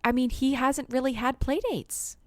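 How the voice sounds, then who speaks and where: A woman's voice: high-pitched, moderate pace, no room sound. Chatty woman telling home stories. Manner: chatty, laughs often, relaxed storytelling. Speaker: podcast co-host. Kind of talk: casual chat.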